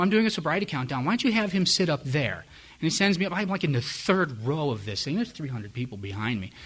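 Animated and fairly quick, this middle-aged man has a slightly high, fairly bright, husky voice. He tells a live audience his own recovery story as personal testimony, candid, frank and ready to laugh at himself.

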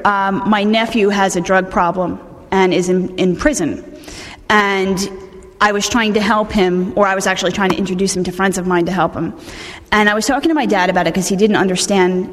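This woman's recovery testimony comes out frank and chatty, with many sentences begun again. Her mid-range voice stays fairly even in intonation and moves a touch fast, echoing with a large hall's long reverb.

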